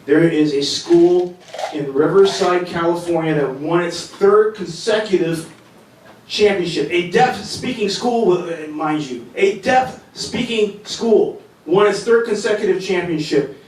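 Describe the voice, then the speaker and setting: Rambling stand-up comic in an echoey club. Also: male voice, high voice, a little slow, slight background noise. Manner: rambling, self-deprecating, stumbles and restarts. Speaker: stand-up comedian. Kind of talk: open-mic stand-up set. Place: comedy club stage. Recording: echoey club sound from far off.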